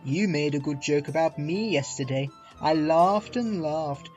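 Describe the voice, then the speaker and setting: A scheming diesel engine talks in an oily, wheedling way, put on by a man reading aloud. His lines come slow and smooth, with faint music under them. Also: fairly high pitch, darkish tone, dull audio, close to an everyday voice. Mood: oily, sly.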